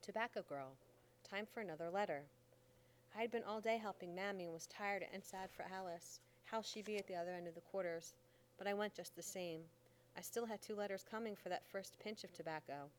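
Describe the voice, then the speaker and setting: A woman reads a story aloud in the first person, steady and unhurried, with folksy dialect phrasing. Her voice sits in a middle pitch for a woman, and the delivery stays even as she tells the story. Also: a little hiss or hum. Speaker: audiobook narrator.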